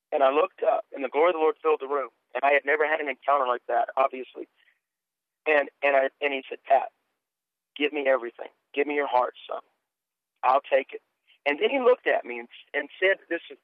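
A man's voice: fairly high pitch, dry recording. A middle-aged man telling his testimony as a guest in a radio interview, earnest and stumbling over restarts. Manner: earnest storytelling, stammers on restarts. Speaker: guest minister and author. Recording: dry tinny phone line.

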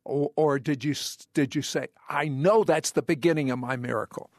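A man's voice: fairly high pitch, moderate pace, dry recording, clean studio sound. A man hosting a broadcast interview, asking probing conversational questions. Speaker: interview host.

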